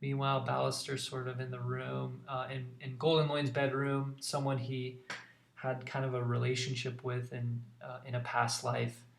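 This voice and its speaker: A man casually pitching storyboards in a rambling way, full of fillers. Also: monotone, moderate pace, creaky, a little hiss or hum. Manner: rambling, filler-heavy narration. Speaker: storyboard artist. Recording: roomy echo.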